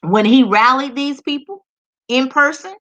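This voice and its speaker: Speaking straight to her audience, a woman delivers impassioned social commentary full of emphatic repetition and rhetorical questions. Her voice is high-pitched and fairly bright, and she talks a little slowly.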